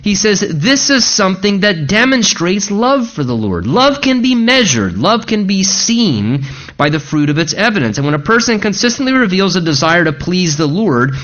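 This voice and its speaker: A male pastor preaching an expository sermon, slowing down deliberately when he reads scripture aloud. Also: high voice, very animated, fairly bright tone, lo-fi sound. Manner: slows to read scripture aloud.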